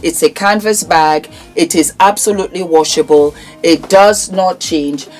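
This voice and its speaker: Woman vlogger, low register, warm sales patter full of endearments, faint background music. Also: a little slow. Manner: warm, affectionate, calls viewers darling; emphatic, repetitive sales patter. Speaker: vlogger presenting her own brand. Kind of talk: product showcase to camera.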